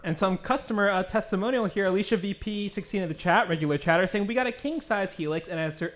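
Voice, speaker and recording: A man co-hosting a podcast, talking in a quick, enthusiastic way. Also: high-pitched, fairly bright tone. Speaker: podcast co-host. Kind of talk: casual chat. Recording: echoey room.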